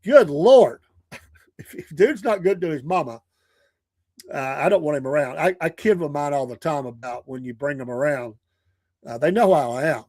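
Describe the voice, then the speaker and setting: Older folksy man, slightly high. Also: lively intonation, normal speed, darkish tone, no echo, studio quality. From Georgia, US. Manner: folksy, chuckling, repeats himself. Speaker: show guest and streamer. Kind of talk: casual chat.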